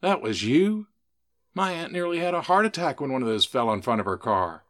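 A man reading the lines of a wary, sharp-tongued young woman in a spoken story. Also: on the low side, moderate pace. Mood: shocked.

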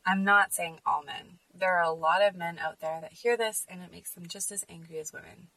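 A woman's voice: lowish voice, brisk, pushed and bright, no room sound, recorded from a distance, rough recording. A woman hosting a podcast, speaking in an earnest, emphatic personal monologue. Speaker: podcast host.

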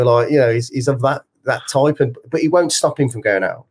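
A man's voice: medium pitch, fast, breathy edge. Frank man in casual podcast talk. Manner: frank and heartfelt, peppered with "like" and swearing. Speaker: podcast co-host, company co-founder. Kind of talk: casual chat.

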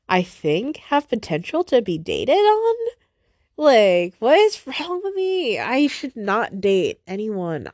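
A woman's voice: medium pitch, darkish tone, no room sound, studio quality. A young woman hosting a solo podcast, venting in a rambling, frustrated way, swearing and often breaking off mid-sentence. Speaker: podcast host.

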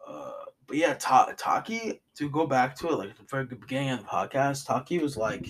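A man's voice: medium pitch, lively intonation, a little fast, hardly any pauses, a little hiss or hum, low-quality recording. A young man hosting a podcast, rambling in a loose, slangy way with lots of fillers. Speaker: podcast host. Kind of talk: casual chat. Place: log cabin.

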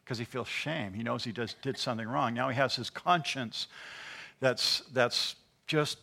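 A man's voice: mid-range voice, bright, forceful tone. A man preaching a sermon, teaching earnestly and asking his listeners rhetorical questions.

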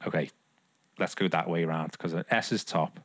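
A man's voice: low-pitched, fairly even intonation, moderate pace, no room sound. A man, co-hosting a podcast in casual, rambling chat full of fillers and restarts. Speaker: podcast co-host.

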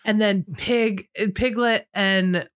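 A woman's voice: mid-range voice, steady tone, slow. A woman co-hosting a podcast, talking about a movie in a chatty, emphatic way and laughing often. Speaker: podcast co-host. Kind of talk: casual movie review chat.

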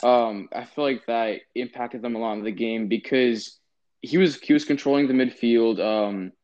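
A man's voice: medium pitch, steady tone, moderate pace, a little mellow. A young man co-hosting a casual sports podcast, giving opinions with lots of ums and restarts. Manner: opinionated, hesitant with many fillers. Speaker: podcast co-host. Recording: dull lo-fi sound.

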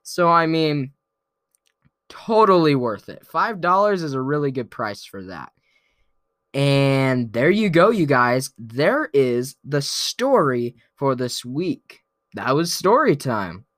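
A man's voice: mid-range voice, very animated, a bit bright, dry recording. A man telling a weekly story time on his vlog in a playful, chuckling way. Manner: playful, slow and drawn-out, chuckling often. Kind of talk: casual storytelling to camera.

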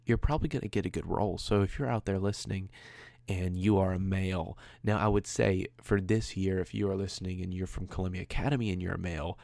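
A man with a deep, steady, mellow voice and some vocal fry talks fast on his own solo podcast. The audio is studio quality with no room sound, and his casual, conversational rambling has a self-deprecating streak.

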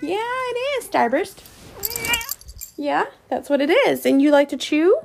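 A woman's voice: very high-pitched, big pitch swings, slow, gravelly. A woman hosting a podcast who talks in coaxing baby talk to her pet cat, asking it sing-song questions. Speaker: pet owner and podcast host.

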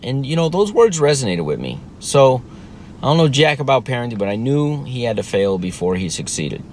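Man telling a family story over faint rumble. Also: very animated, brisk, a little mellow. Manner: conversational, with frequent restarts and reported dialogue. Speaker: father telling a parenting story. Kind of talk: casual storytelling monologue.

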